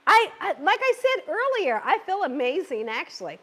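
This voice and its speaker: A woman with a hoarse, scratchy voice hosts a live cooking demonstration in her home kitchen. She talks in a chatty, reassuring way and keeps checking in with her viewers. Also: very high-pitched, big pitch swings, normal speed, fairly bright tone. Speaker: cooking channel host.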